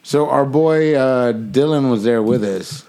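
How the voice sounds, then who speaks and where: A man co-hosting a casual podcast, telling a profane story and loudly acting out the voices in it between laughs. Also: mid-range voice, measured pace. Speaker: podcast co-host.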